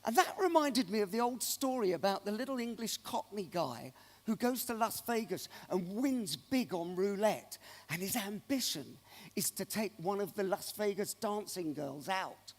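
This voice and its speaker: A man with a high-pitched voice speaks at a moderate pace as he delivers a keynote in a large conference hall, animatedly telling anecdotes to the audience. The recording carries the long reverb of the big room.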